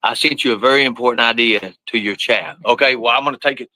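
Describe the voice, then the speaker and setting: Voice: mid-range voice, fast, pushed and bright, low-quality recording. A livestreamer, talking casually and profanely while scolding pets. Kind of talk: casual live-stream chat.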